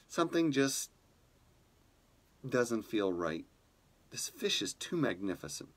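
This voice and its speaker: Soft-spoken gravelly male storyteller. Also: medium pitch. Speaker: spiritual community leader. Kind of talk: storytelling in a meditation talk.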